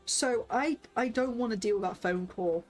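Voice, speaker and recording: A woman's voice: fairly high pitch, normal speed, darkish tone, soft background music. A woman streaming a game, chatting playfully with viewers and reading character lines aloud with lots of laughter.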